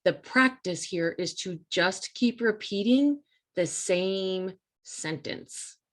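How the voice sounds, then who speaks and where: A woman's voice: medium pitch, expressive, slow pace. A woman hosting a live coaching talk, speaking in a casual, earnest and emphatic way that repeats key points and speaks straight to her listeners. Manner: earnest, emphatic and repetitive, addresses listeners directly.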